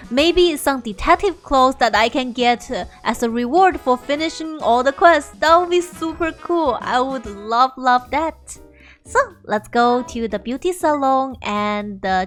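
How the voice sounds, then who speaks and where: Bubbly high-voiced young woman gaming. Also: fairly bright tone. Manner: bubbly, laughs often, reads game dialogue aloud. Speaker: game video host. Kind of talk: game playthrough commentary.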